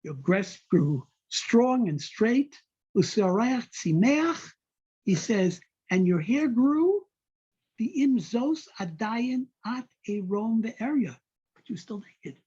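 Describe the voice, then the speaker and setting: A man's voice: sits high, animated, slow, dark tone, breathy edge. A man teaching a text-study class, reading Hebrew phrases aloud and then translating each one into plain English. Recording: dull lo-fi recording.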